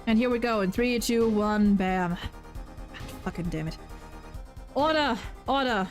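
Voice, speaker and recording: A woman's voice: mid-range voice, unhurried, darkish tone. A young woman streaming a game, chatting casually, swearing freely and stumbling over repeated words, with faint game music behind her. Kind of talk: casual gaming commentary while voicing game dialogue.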